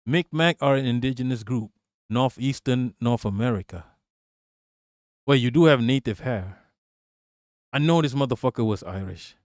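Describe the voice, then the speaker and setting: A man's voice: medium pitch, moderate pace, pauses often, darkish tone, dry recording, studio quality. A man hosting a casual political livestream, talking bluntly and profanely and laughing as he reacts to chat. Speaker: livestream host.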